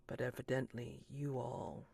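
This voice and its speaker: Tired masked stranger voiced by a woman: hushed, sighing, grim, very measured. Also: medium pitch, gravelly, slightly rough, exaggerated voice. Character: weary masked man, grim and low.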